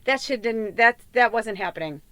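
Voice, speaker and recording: With a voice on the high side, lively intonation, and a pushed, bright sound, a middle-aged woman hosts a casual tarot reading podcast at a moderate pace. She reads tarot in a rambling, heartfelt way packed with fillers and asides, and there is no room sound.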